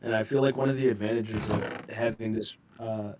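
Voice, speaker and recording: A man's voice: on the low side, steady tone, fairly quick, background noise. A man chatting casually over a voice call about a game mod, laughing often and swearing freely. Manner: swears a lot, laughs often, loud bursts. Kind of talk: casual gaming chat.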